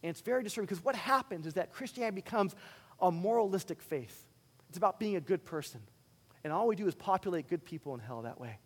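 A man preaching a sermon as a pastor, animated and swinging between loud emphatic bursts and quiet, earnest asides. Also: sits high, fast talker, slightly rough, long reverb tail.

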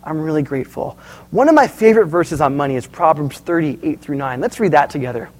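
Animated high-voiced male preacher. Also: a little fast, low-quality recording. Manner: storytelling, animated, asks the audience questions. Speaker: pastor. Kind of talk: sermon.

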